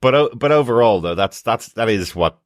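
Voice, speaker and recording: A man's voice: medium pitch, expressive, a little fast, no room sound, clean studio sound. A man hosting a casual podcast discussion, rambling with frequent restarts and light chuckles. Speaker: podcast host. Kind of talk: casual podcast chat about a TV episode.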